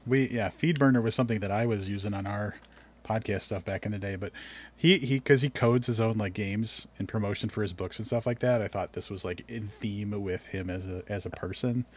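A man's voice: lowish voice, brisk, breathy edge. A man hosting a casual podcast quiz, teasing his co-host, giving hints and reading tweets aloud.

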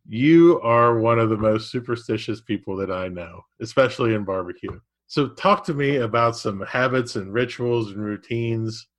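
A man hosts a podcast in an easygoing interview chat. He answers his guest with short agreements and speaks in a somewhat low voice. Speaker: podcast host.

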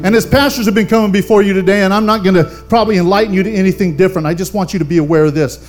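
A man's voice: high-pitched, fairly even intonation, rapid-fire, soft background music. An older man, a pastor, preaching a fervent sermon and calling on the congregation for amens. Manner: fervent preaching with call-and-response.

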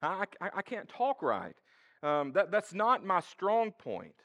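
A man's voice: high-pitched, wildly swooping pitch, a bit bright, big-room sound, pitched above the performer's own voice, exaggerated voice. A man voicing a hesitant, stammering man who doubts he can speak well, acted out within a sermon. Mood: anxious, pleading. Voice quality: stammering, halting.

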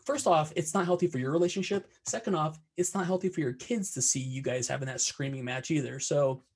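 Husky-voiced young man musing. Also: a little high, fairly even intonation, brisk. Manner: thoughtful, filler-heavy. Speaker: podcast co-host. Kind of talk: casual podcast chat.

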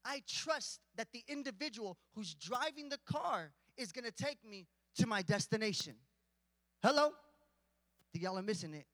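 A man's voice: sits high, lively intonation, normal speed, a bit bright, no echo, in a large hall. A man preaching a casual, conversational sermon, joking with the congregation and rising to emphatic points.

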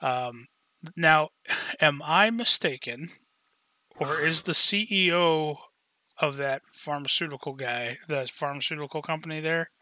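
A man talking casually about a film on a podcast, with quick, wry asides. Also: fairly high pitch, pushed and bright, no room sound, low-quality recording. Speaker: podcast guest or co-host. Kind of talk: casual movie discussion.

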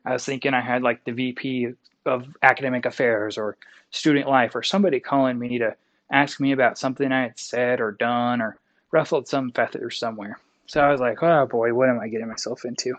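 A young man from Wyoming tells a long story as an interview guest, folksy and rambling, often correcting himself mid-sentence. His voice sits at an ordinary pitch, and the recording sounds slightly dull and lo-fi. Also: fairly even intonation, brisk, a bit bright.

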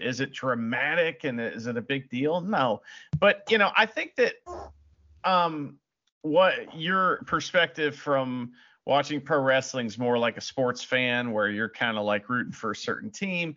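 Bright, easygoing podcast man. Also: mid-range voice, measured pace, highs cut off. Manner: laid-back, laughing, hedges with "you know". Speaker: podcast co-host. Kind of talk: casual podcast chat.

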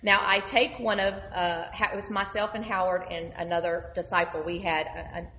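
A woman telling an animated, conversational testimony about her ministry. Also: lowish voice, moderate pace, highs cut off, a little hiss or hum. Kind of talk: casual testimony storytelling. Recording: roomy hall reverb.

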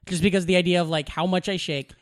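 A man co-hosting a podcast in casual chat, telling lively stories and acting out quotes with frequent laughs. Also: high-pitched, fast talker, no room sound, clean studio sound. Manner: animated storyteller, laughs often, acts out quotes. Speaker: podcast co-host.

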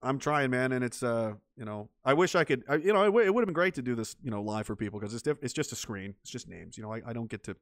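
A man's voice: mid-range voice, expressive, fast talker, hardly any pauses, dry recording, clean studio sound. A man hosting a livestream, talking casually and reading out viewer comments, ranting and swearing. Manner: profane, ranting, mocking voices. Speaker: livestream host.

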